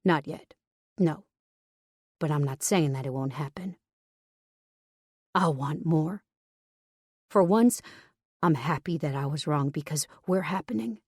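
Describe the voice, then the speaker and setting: A woman narrator voicing a protective, teasing grown man in an audiobook, speaking low and quietly insistent. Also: a little slow, long pauses, slightly rough, dry recording, studio quality.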